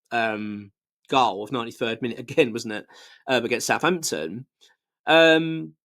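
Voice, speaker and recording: A man's voice: medium pitch, fairly bright tone. A man, married, hosting a football fan channel and giving blunt, passionate casual commentary full of restarts. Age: adult, married.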